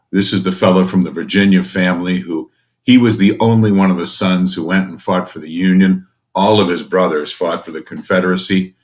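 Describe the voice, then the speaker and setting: A man teaching a recorded history lecture to students, folksy and conversational, with jokey asides. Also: low-pitched.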